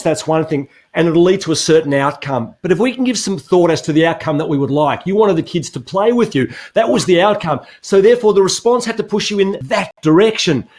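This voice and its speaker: A man, a motivational speaker who talks earnestly in a webinar and poses rhetorical questions. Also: high-pitched. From Australia. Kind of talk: webinar conversation.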